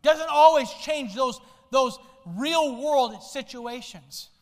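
Man, pastor, high voice, long church reverb, sermon, soft asides and shouted peaks. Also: slow. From United States. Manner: swings between soft low asides and loud shouted lines. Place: church sanctuary.

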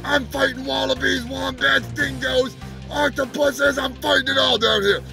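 A man plays a loud, self-important alien opinion-monger in a comedy sketch, ranting and swearing at humans in a very high, gravelly voice. Music plays clearly behind him. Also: steady tone, normal speed. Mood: boastful. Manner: ranting, shouting, swearing, insulting. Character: brash foul-mouthed male alien pundit, loud, ranting, full of himself. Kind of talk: comedic character rant.

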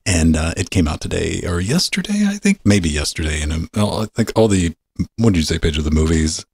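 Gravelly low-voiced podcast host. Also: male voice, very animated, a little fast, darkish tone, no echo. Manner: loose, profane and rambling, with sudden pitch jumps. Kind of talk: casual podcast banter.

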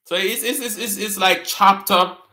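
A man with a Jamaican accent hosting a live-stream trivia chat, repeating words slowly and laughing often with viewers. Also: high-pitched, steady tone, sharp tone, roomy sound. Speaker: host.

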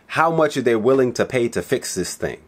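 A man's voice: mid-range voice, expressive, a little fast. A man giving a casual, talkative sales lesson, slangy and swearing, acting out both sides of client talks. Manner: slangy, swears, lots of "right?". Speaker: business coach. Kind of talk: casual teaching monologue.

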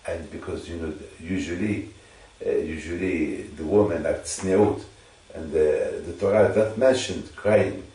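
Religious teacher, male, low voice, halting and repetitive delivery, heard from a distance. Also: fairly even intonation, warm tone. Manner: halting, repeats phrases for emphasis. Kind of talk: informal Torah teaching to a listener. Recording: echoey room, distant mic.

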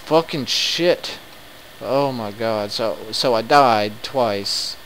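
A man commenting live on his game, excitable and quick to swear in frustrated outbursts. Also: mid-range voice, a little hiss or hum, rough recording. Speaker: let's play gamer.

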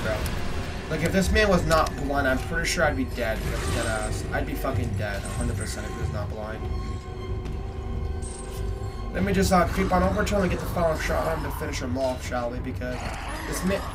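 A young man giving profane commentary over a game, swearing constantly and yelling when startled. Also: fairly high pitch. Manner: swears constantly, yells when startled, rambling asides to viewers. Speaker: gameplay streamer. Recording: distant mic with clear background noise.

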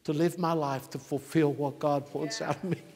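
A man in his sixties preaching a sermon, swinging from near-shouts to quiet asides. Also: fairly high pitch, steady tone, normal speed, long reverb tail. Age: 60s. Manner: emphatic, rising to near-shouts then dropping to a conversational aside. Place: church.

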